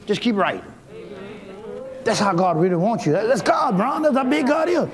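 A man preaching a sermon to his congregation, folksy and exuberant, breaking into shouts and laughter. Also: high voice, moderate pace. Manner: folksy, talks directly to congregation members. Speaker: pastor. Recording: live church with crowd audible.

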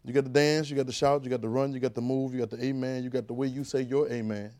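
A man preaching a conversational sermon, repeating phrases and rising to shouted calls. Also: medium pitch, little pitch movement, fast talker.

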